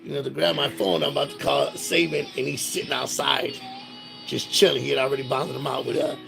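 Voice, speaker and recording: Guy with a very gravelly voice, animated, swearing a lot, music behind. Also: mid-range voice, a little fast, poor audio. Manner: loose, profane, laughing anecdotes. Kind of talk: casual storytelling chat.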